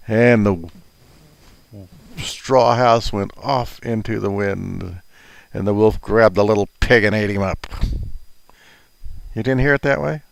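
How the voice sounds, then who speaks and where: A man's voice: on the low side, takes it slowly, vocal fry, pauses often, no room sound. An older man telling a story and giving casual advice in a rambling, folksy way, chuckling at his own asides.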